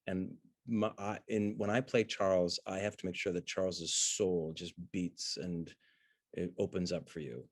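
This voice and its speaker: A man teaching acting, breaking down a film scene in an animated way and acting out the characters' lines. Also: lowish voice, slow, no echo, studio quality. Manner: excitable, acts out the lines of those he talks about.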